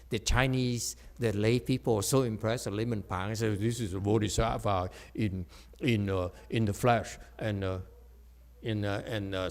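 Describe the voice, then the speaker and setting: A man giving a Chan meditation Dharma talk, checking in with frequent "okay?" tags and restarting phrases, his voice jumping up when he makes a point. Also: mid-range voice. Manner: animated, voice jumps up when emphatic.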